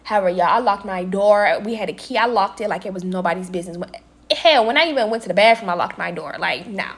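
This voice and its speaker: A woman's voice: mid-range voice, fast talker. A young adult woman vlogging a casual storytime, chatty and dramatic, acting out her own exclaimed reactions and talking straight to her viewers. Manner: animated, dramatic retelling with exclaimed quotes; chatty, addresses viewers as y'all. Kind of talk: casual storytime while working.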